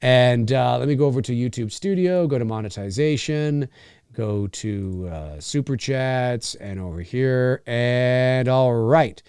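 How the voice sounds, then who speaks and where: A man hosting a podcast, giving animated live commentary on a movie like a showman. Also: medium pitch, a little slow, clear, resonant tone, no room sound, clean studio sound. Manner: animated, showman-like, keeps saying "ladies and gentlemen". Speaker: podcast host.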